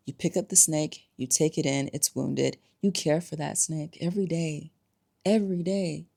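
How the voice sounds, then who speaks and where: A woman's voice: low voice, fairly even intonation, moderate pace, gravelly, warm tone. A woman giving emphatic, conversational commentary to camera, full of rhetorical questions. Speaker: spiritual vlogger.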